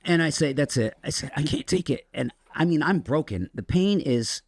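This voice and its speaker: A man, a podcast guest, telling his recovery story in a rambling, halting way with many restarts. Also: a little high, lively intonation.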